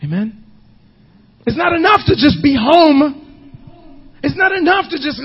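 A male pastor preaching a sermon, emphatic, often shouting and half-singing his lines. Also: very high-pitched, very animated, measured pace, long pauses, lo-fi sound.

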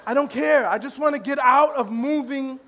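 A male pastor with a very high voice, telling a comic story to his congregation. He is animated and self-deprecating, breaks into laughter and trips over restarts, and his voice rises to a shout at the funny parts. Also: normal speed. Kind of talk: humorous sermon storytelling.

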